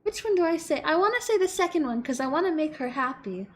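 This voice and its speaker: Excitable high-voiced woman streamer. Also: fast. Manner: excitable, giggly, gushing. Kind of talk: casual game stream commentary.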